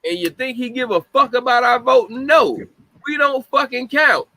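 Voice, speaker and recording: Very high-pitched, with vocal fry and a pushed, bright tone, this man speaks at a moderate pace with lively intonation. He hosts a podcast of casual, blunt, profane ranting, often laughing, and the audio quality is poor.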